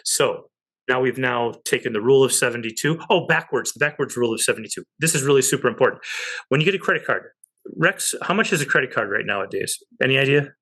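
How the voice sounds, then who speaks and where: A man's voice: medium pitch, animated, fast talker, sharp tone. Emphatic man explaining money. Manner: emphatic, with frequent "okay?" check-ins. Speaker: interview guest. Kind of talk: animated explanatory talk.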